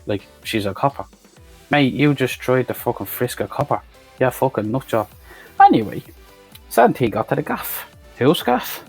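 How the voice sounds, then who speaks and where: A man rattles through a movie plot in a husky, mid-pitched voice. He swears freely, wanders off on tangents and drops sarcastic asides. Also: sing-song, normal speed, faint music behind. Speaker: film reviewer. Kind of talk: profane comedic movie recap.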